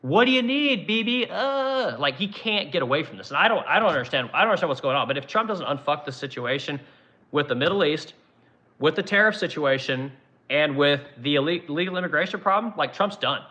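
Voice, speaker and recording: A man's voice: on the high side, animated, fast talker, bright, forceful tone, lo-fi sound. A man streaming a profane, aggressive political rant, mocking the people he argues against.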